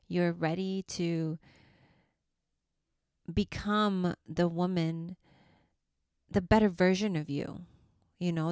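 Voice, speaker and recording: A woman hosting a spiritual podcast for mothers, speaking softly and affectionately and sometimes dropping to a whisper. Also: lowish voice, dry recording, studio quality. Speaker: podcast host and life coach. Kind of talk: slow, soothing spiritual podcast talk.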